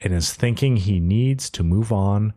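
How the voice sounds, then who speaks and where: A man co-hosting a podcast, casually recapping an episode in a relaxed, slangy way. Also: lowish voice, unhurried. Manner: animated retelling, relaxed slang. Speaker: podcast co-host.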